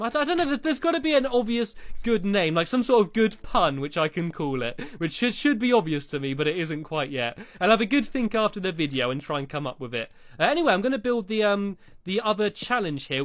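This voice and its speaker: A let's-play creator giving casual, chatty commentary while building in a game, playful and teasing, often breaking into excited squeals. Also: medium pitch, dry recording.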